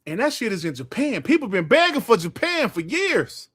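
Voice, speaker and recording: An older man hosting a casual gaming podcast, reading the live chat and trash-talking with loud, profane banter and frequent laughter. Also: very high-pitched, very animated, normal speed, breathy edge, no echo, clean studio sound.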